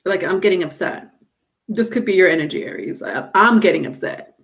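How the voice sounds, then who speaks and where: A woman's voice: lowish voice, brisk, vocal fry. A woman giving a live-stream tarot reading, chatting with viewers and calling them by name. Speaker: tarot reader.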